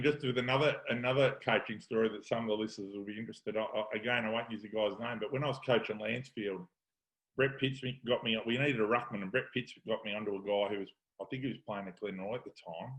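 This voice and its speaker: A middle-aged man with an Australian accent spins coaching yarns in a relaxed, chatty way. He slips into the voices of the people he quotes and keeps the talk rolling as host. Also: fairly low pitch, fast, rough recording. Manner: yarn-spinning, acts out quoted lines. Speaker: podcast host, football coach. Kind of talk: casual storytelling chat.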